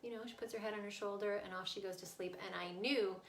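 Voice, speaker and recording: A woman's voice: medium pitch, fairly even intonation, fast, a little hiss or hum. A woman parenting coach explaining, earnestly and casually, how to stay with a child through a tantrum. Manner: earnest, explaining, checks in with "right?". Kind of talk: casual teaching talk. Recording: echoey room.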